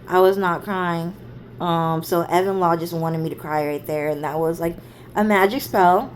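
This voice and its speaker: On the low side and fairly even in intonation, a young woman vlogger speaks at normal speed through a rambling family story. The monologue is profane and casual, packed with "like" and "dude." There's slight background noise.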